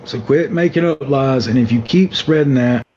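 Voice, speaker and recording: A man's voice: mid-range voice, moderate pace, a little mellow. A man talks defensively to his followers in a casual, rambling way, circling back over the same points. The clip sounds dull and slightly muffled, with faint noise underneath. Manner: defensive, repeats himself, lots of "like".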